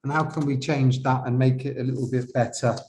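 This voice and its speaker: A man teaching as an IELTS examiner, correcting an essay step by step and asking viewers questions, with slow, halting speech. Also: mid-range voice, steady tone, a little mellow, a little hiss or hum. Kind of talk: classroom-style essay correction.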